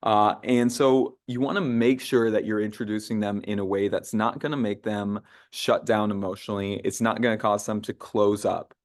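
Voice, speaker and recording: A man's voice: lowish voice, fairly even intonation, moderate pace, hardly any pauses. Chatty young man coaching sales calls. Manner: conversational, many "uh" fillers and restarts, acts out sample phone lines. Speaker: sales trainer. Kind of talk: casual team training talk.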